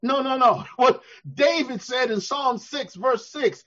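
High-voiced preacher, shouting then hushed. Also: male voice, unhurried, dull audio. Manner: preaching with call-and-response, swelling to shouts then dropping soft. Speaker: pastor. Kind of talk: sermon.

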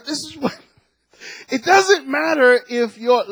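Male pastor, sermon, high voice, very lively pitch, loud and hushed swings. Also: slow pace, creaky, pauses often, no room sound. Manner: preaching with big swings between loud and hushed.

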